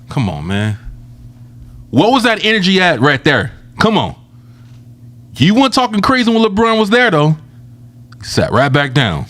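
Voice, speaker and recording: A man with a low, lively voice co-hosting a casual talk show. He tells stories in an animated, slangy way. His pitch moves around a great deal. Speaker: podcast co-host. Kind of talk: casual chat.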